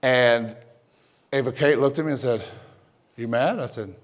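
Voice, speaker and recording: A middle-aged male pastor telling a personal story in a sermon, lively at times and dropping to a soft hush when he prays. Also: medium pitch, moderate pace. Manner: animated storyteller, drops to a soft hush for prayer.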